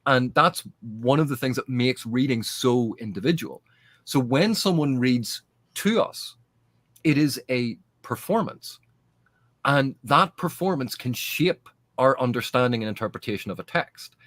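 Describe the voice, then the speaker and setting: A man's voice: mid-range voice, animated, a little slow, a bit bright, no room sound. A man in a casual podcast panel discussion, making his points earnestly and emphatically, often restarting mid-phrase. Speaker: podcast guest.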